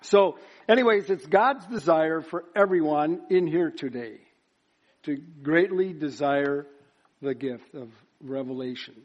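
A man preaching at a church service, his voice sitting somewhat high for a man. He works up to emphatic, chanted repetitions. The recording sounds dull and lo-fi. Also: unhurried. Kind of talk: sermon.

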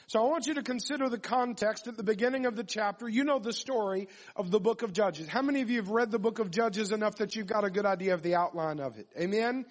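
Guy preaching a sermon, pretty high voice, reads the bible passage then repeats stuff for emphasis. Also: fast talker, hardly any pauses. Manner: reads scripture aloud, then preaches with repetition and rhetorical questions.

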